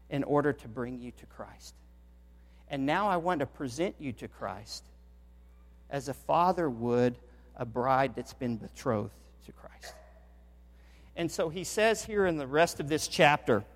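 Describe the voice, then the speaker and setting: A middle-aged man preaching a sermon as pastor, telling stories with animation and building to emphatic peaks. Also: a little high. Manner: animated storytelling, swells in volume for emphasis. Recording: long reverb of a large hall.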